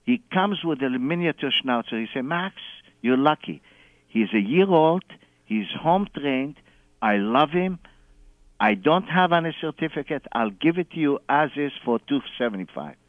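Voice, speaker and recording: A man phones a radio show and tells an extended story in an animated, slightly high voice at moderate speed, with no room sound. He chuckles frequently and acts out the people he's quoting, heard through a dull phone connection.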